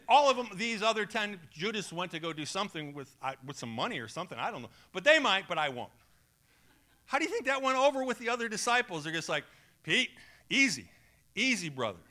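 A man's voice: sits high, bright, forceful tone. A male pastor preaching a conversational sermon, acting out quoted voices.

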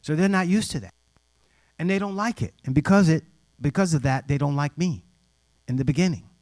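A man's voice: a little high, brisk, no echo, clean studio sound. A middle-aged man mentoring young people, telling stories to an audience in a direct, plainspoken way and acting out the voices of the people he quotes. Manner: animated storyteller who acts out quoted voices; direct, plainspoken, informal grammar. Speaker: youth mentor. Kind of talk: personal storytelling to an audience.

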